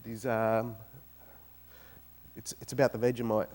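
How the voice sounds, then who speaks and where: A man with an Australian accent giving a guest talk in a university auditorium and telling jokes in a lively, storytelling way. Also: on the low side, unhurried. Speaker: guest speaker. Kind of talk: informal talk with joke-telling.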